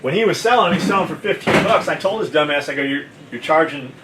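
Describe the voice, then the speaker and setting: A man's voice: on the high side, animated, quick pace, heavy background noise. A man who owns a gear company, telling a story in casual chat, blunt and full of swearing. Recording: echoey room, mic at a distance, faint kitchen clatter.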